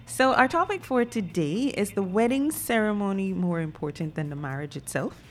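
A woman's voice: medium pitch, expressive, normal speed. A woman hosting a talk show, playful and laughing as she steers the topic. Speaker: host.

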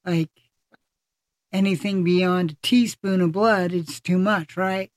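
Dry-voiced podcast host, halting speech. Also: medium pitch, fairly even intonation, dry recording. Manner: halting, many fillers and restarts. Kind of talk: casual conversational chat.

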